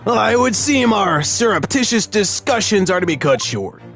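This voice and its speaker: A man's voice: sits high, sing-song, normal speed, soft background music, pitched above the performer's own voice. A man voicing a stern, pompous older male official who speaks formally.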